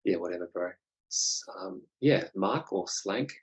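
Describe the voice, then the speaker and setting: A man hosting a casual podcast chat, soft-spoken, agreeable and reflective. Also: low voice, expressive, unhurried, slightly rough, rough recording. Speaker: podcast host.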